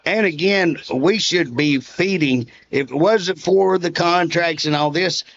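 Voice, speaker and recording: Gravelly folksy man with a twang. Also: fairly high pitch, measured pace, a bit bright, dull audio. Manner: chuckling storyteller, folksy, chuckles often. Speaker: state representative. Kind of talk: casual interview.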